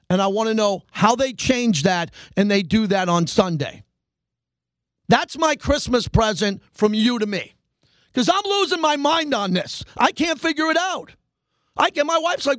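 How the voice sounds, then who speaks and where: Fast, emphatic sports talk host, man. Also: very high voice, expressive, a bit bright, no echo. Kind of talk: animated sports radio monologue.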